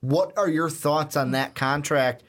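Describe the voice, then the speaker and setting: A man co-hosting a casual basketball podcast, animated, trading predictions and backing his partner with frequent agreeing hums. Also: fairly high pitch, unhurried. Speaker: podcast co-host.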